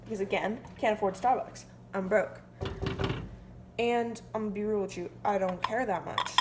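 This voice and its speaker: In an echoey home kitchen with faint noise, a teenage girl records a casual cooking vlog on her phone camera. She jokes and runs herself down playfully, speaking at medium pitch with a steady tone and moderate pace.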